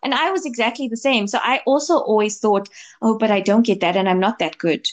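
This woman's voice sits a little high and moves a little fast as she co-hosts a relaxed conversation. She works through a lengthy story from her own life, often restarting and leaning on filler words.

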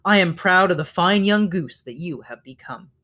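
A man voicing a gentle female robot mother in a storybook reading, speaking calmly and evenly. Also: high-pitched, normal speed. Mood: tender.

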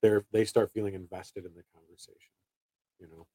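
A man's voice: lowish voice, little pitch movement, a little fast, mellow, breathy edge, dry recording, low-quality recording. A man in his thirties, a salesman, chatting casually and rambling through stories with many restarts. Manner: rambling, restarts sentences, acts out quotes. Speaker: door-to-door salesman. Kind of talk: casual chat.

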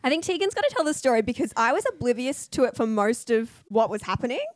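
She is a woman from Australia co-hosting a podcast in a casual, laughing way. Her voice sits a bit high and swings up and down a lot. The recording is dry and close. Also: fast talker, no echo. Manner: laughing, chatty, animated storytelling. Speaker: podcast co-host.

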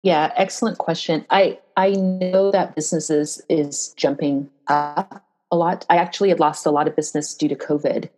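A woman with a husky, slightly low voice speaks in a casual interview. She is earnest and direct, grows animated when telling stories, and often checks in with a quick "right?". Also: poor audio. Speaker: diversity and bias trainer, interview guest. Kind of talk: casual interview talk with storytelling.

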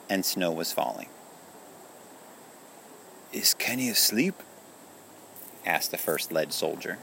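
A man's voice: low-pitched, pushed and bright, slight background noise, low-quality recording. A man reading a children's storybook aloud in a soothing bedtime tone.

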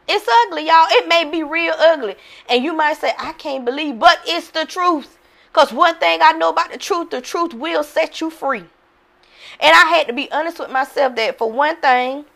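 Brief: young woman, mindset coach, bright slightly high voice, candid and emphatic, motivational vlog to camera. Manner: candid, emphatic, repeats "y'all" to her audience. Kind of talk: personal motivational talk to viewers.

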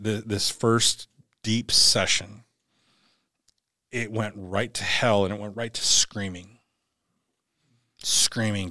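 A middle-aged former Navy SEAL, appearing as a podcast guest, tells a personal story in a lowish voice that comes across pushed and bright. He's blunt and profane, acting out the lines he quotes, and the recording sounds dry and close with no room echo.

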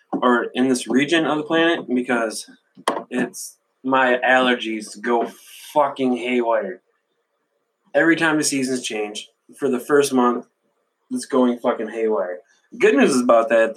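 Husky profane man rambling on a podcast. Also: medium pitch, low-quality recording. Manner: rambling, profane, laughs at himself. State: stuffy runny nose. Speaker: podcast host.

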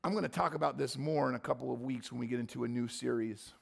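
A man preaching a sermon, swinging from quiet reflection to impassioned, near-shouted emphasis. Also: medium pitch, fast talker, gravelly. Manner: impassioned, rising to near-shouting when voicing scripture. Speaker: pastor.

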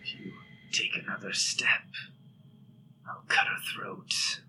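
A cruel, many-eyed creature taunts in a hissing whisper, as a man puts it on at a game table. The voice stays breathy and close, with clear noise underneath. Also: takes it slowly, bright, forceful tone. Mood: menacing.

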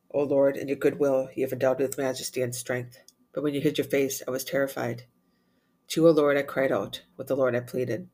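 Man of middle pitch leading prayer, steady measured reading with brisk quiet Latin responses. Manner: steady measured recitation, rattles off Latin refrains quickly and softly. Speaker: prayer leader. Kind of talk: reciting liturgical prayer.

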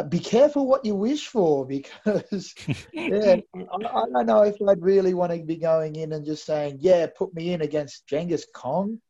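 A man's voice: on the high side, warm tone. A man co-hosting a recap show, musing chattily with stammered restarts. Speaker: co-host of a wrestling recap show. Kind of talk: casual chat. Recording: slightly dull, lo-fi sound.

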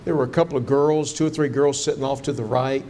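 Speaking quickly in a steady, mellow mid-range voice, this pastor shares a personal story during a sermon, earnest at first and fervently pleading as he quotes his prayers. Some slight background noise is audible.

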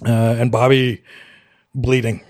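A man's voice: medium pitch, flat delivery, a little slow. A middle-aged man from Canada, a military veteran guest on a podcast, telling his story candidly with a wry edge, acting out the dialogue, with frequent fillers.

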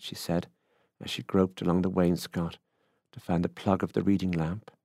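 A man reading a literary short story aloud in a measured, unhurried way. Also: sits low, flat delivery, gravelly, warm tone, no room sound, studio quality.

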